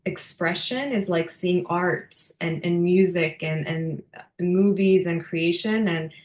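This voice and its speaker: A woman in her thirties talks with feeling as a guest in a casual interview, her sentences full of restarts and fillers. Her voice sits fairly low for a woman, and the room around her has a noticeable echo. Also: slow, darkish tone, a little hiss or hum. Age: 30s. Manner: emotional, many fillers and restarts. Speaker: podcast guest. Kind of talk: casual heartfelt interview talk.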